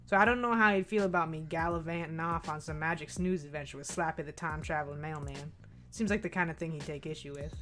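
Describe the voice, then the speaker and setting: A woman voicing a cool, ironic teenage boy with a deadpan, drawling delivery and casual swearing. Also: low voice, fast talker, music in the background, pitched below the performer's own voice, lightly acted. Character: cool ironic teen boy, laid-back swagger.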